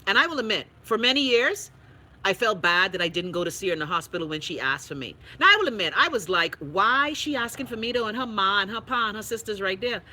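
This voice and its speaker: A Bahamian woman hosting a livestream, chatting casually and reading viewer comments in a blunt, profane, animated way. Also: medium pitch, quick pace, low-quality recording. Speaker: livestream host.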